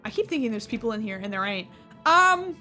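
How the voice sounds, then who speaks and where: A woman's voice: on the high side, very animated, fairly quick, bright, forceful tone, faint music behind. A young woman streaming a game, chatting casually, joking and correcting herself as she goes. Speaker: gaming streamer. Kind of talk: casual let's-play commentary.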